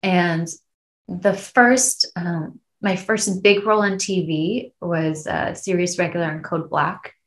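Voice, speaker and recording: A woman's voice: on the low side, fairly even intonation, unhurried, hardly any pauses. Emotional woman actress in an interview. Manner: candid, emotional storytelling. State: tearful. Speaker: actress, guest. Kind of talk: podcast interview.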